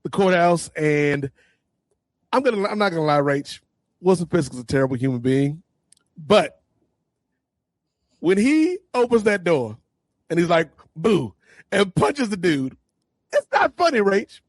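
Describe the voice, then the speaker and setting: A man co-hosting a casual podcast review, excitedly retelling TV scenes and acting out the characters' lines. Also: fairly high pitch, a little slow, long pauses, no room sound. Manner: animated, acts out scenes in quoted voices. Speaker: podcast co-host.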